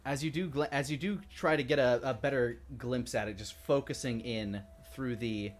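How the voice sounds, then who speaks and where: A man's voice: mid-range voice, normal speed. A man narrating a tabletop pirate game as game master, loose and hesitant with many fillers.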